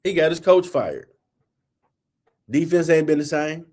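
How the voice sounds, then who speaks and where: A man's voice: on the high side, animated, a little slow, a little mellow. A man hosting a sports talk show, ranting in a blunt, heated, colloquial way and scolding teams and players. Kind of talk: opinionated sports rant.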